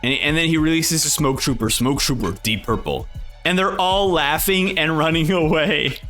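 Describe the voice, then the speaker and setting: A young man hosting a manga reading reaction, excited and animated as he talks. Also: a little high, moderate pace, faint music behind. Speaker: reaction host.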